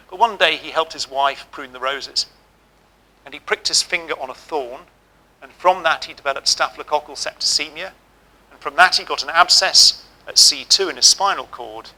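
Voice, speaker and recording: A man's voice: a little high, pushed and bright, low-quality recording. A middle-aged man giving a ceremony address, telling a humorous hospital anecdote and giving direct advice. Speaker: ceremony speaker. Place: lecture hall.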